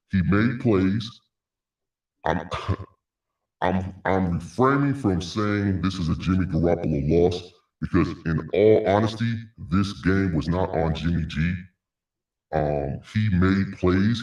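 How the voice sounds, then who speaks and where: Deep-voiced man recapping football, echoey room. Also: expressive, a little slow, darkish tone, recorded from a distance. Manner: rambling, repeats words, frequent sighs and laughs. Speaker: sports podcast host. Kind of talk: casual solo sports recap.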